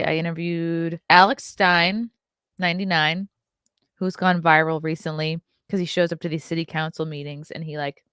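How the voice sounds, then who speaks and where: A woman's voice: low-pitched, fairly bright tone, clean tone, dry recording, clean studio sound. A woman, hosting a casual live stream, chatty and profane as she reads out the chat. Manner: blunt, profane, chatty, laughs often. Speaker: podcast host reading live chat.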